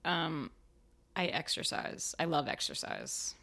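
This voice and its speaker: A young adult woman with a somewhat low voice chats as a podcast guest, telling stories with lots of animation. Her talk is loose and filled with casual fillers. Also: takes it slowly, gravelly. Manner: animated storytelling, many fillers like "like" and "you know". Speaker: actor and writer, podcast guest. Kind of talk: casual interview chat.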